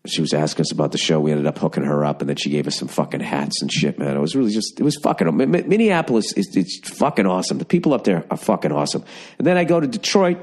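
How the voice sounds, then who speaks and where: A man's voice: deep voice, big pitch swings, fast, darkish tone. A man hosting a podcast, telling rambling, profane stories in casual chat. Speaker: podcast host.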